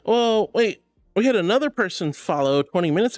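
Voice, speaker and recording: A woman's voice: mid-range voice, lively intonation, moderate pace, a little mellow, dry recording. A woman streamer in a casual live-stream chat, bubbly and affectionate, reading chat messages aloud and calling viewers sweetie and honey.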